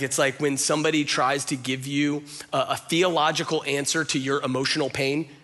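Guy preaching, kinda high voice, chatty but punchy, acts out the quotes. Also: fairly bright tone. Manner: conversational, emphatic, shifts into acted quotes. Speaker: pastor. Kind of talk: sermon.

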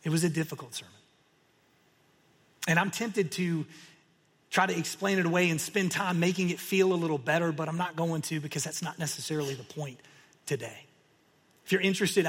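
A man preaching a sermon as pastor, telling the story in an animated way and acting out the crowd's reactions. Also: fairly high pitch, slightly rough. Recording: long hall reverb.

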